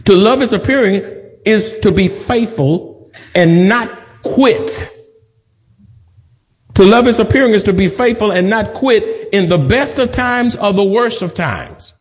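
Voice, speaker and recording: A male pastor preaching a sermon, building emphatic repetitions and slipping in humorous asides. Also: very high voice. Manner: rhythmic repetition, rising to emphatic peaks. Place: church sanctuary.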